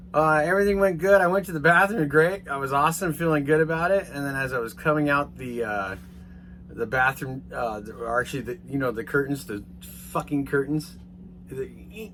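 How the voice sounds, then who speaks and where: A man telling a rambling, casual story to his viewers, swearing now and then and getting animated as he retells it. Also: mid-range voice, a little hiss or hum. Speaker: vlogger.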